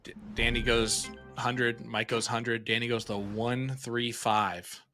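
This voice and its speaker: A young man doing casual, excitable live darts commentary from a small streaming room, chatty with lots of fillers. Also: medium pitch, slow pace, music in the background.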